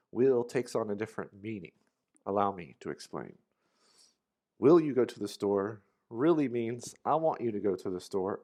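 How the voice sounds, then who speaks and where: Relaxed man teaching English grammar. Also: fairly low pitch. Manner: relaxed, casual explanations with fillers. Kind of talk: recorded grammar lesson.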